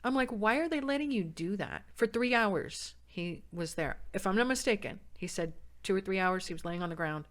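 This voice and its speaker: A woman from San Diego, a podcast guest, telling a personal story and acting out the quoted voices with big jumps in pitch and loudness. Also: animated, moderate pace, few pauses.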